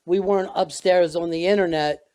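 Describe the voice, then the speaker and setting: A man's voice: high-pitched, fairly even intonation, brisk, a little mellow. An older man hosting a conversational interview, often laughing along and backing up his guest with short affirmations. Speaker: interview host.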